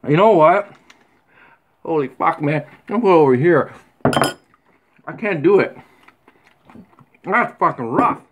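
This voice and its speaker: A middle-aged man rambling crudely in a casual vlog, swearing constantly with rough humor. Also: on the high side, expressive, slow, pauses often, phone-quality sound. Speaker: vlogger. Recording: faint background noise.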